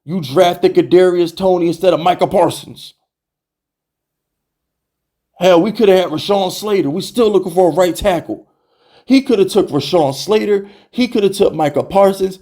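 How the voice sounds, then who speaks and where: A sports fan channel host rants heatedly to camera about his team, his voice sitting high and his pace moderate. Fired up and exasperated, he keeps saying "bro" and firing off rhetorical questions.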